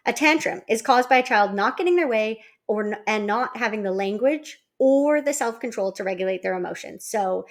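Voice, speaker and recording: Calm woman coaching parents step by step. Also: a little high, moderate pace, few pauses. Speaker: early childhood parenting consultant. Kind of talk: instructional presentation.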